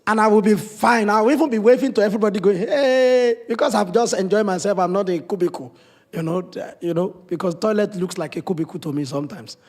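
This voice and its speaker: A man's voice: high voice, fast. A man from Africa preaching a sermon as pastor, in a conversational way with blunt humor.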